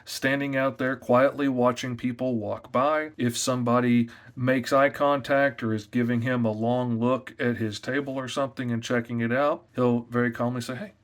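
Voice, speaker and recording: A comic artist, a man, giving sales tips in a loud, energetic, chatty way. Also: mid-range voice. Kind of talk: casual tips talk to camera.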